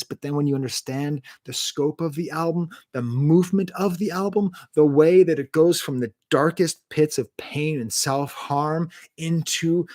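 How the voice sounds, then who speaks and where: A man with a somewhat high, slightly mellow voice hosts a music review show streamed from home. Ranking albums, he rambles with enthusiasm and reads the live chat out loud.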